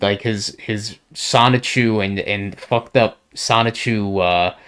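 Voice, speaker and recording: A man's voice: fairly low pitch, fairly bright tone, clean tone. A young man with a profane, meandering way of talking, stopping and restarting often in a casual solo monologue. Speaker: solo podcaster. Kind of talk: rambling monologue.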